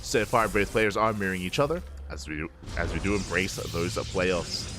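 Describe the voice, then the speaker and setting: A man casting a live strategy game match as host, upbeat and playful, with quick self-corrections and jokey asides. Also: low voice, noisy background. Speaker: esports caster.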